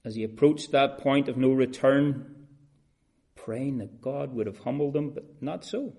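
Guy preaching a sermon, slow and deliberate, mid pitch, goes quiet then swells up loud. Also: gravelly, slightly rough. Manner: builds from soft, measured talk to loud, drawn-out emphasis; addresses listeners as "beloved" and "friends".

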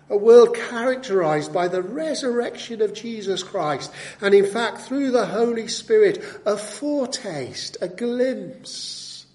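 A man's voice: high-pitched, a little mellow. A man preaching a sermon, emphatic, who drives points home with rhetorical tag questions and repeated key words.

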